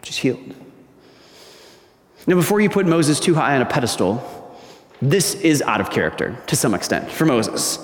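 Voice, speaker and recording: Very animated, this preacher addresses his church conversationally, asking the congregation questions and performing quoted voices. His medium-pitched delivery moves at a moderate pace with long pauses, and the hall carries a long, echoing reverb.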